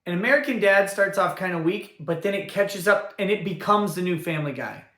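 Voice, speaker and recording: A man talks casually on a livestream, rambling and thinking out loud with frequent restarts. His voice sits fairly high for a man and comes across bright and forceful. The room around him gives off a noticeable echo. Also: lively intonation, a little fast. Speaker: livestream host. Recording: roomy echo.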